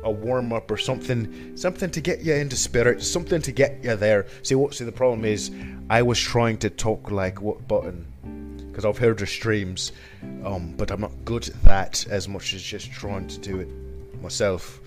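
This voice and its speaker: A man's voice: on the low side, normal speed, over music. A man co-hosting a podcast in casual chat, rambling, swearing and laughing often. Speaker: podcast co-host.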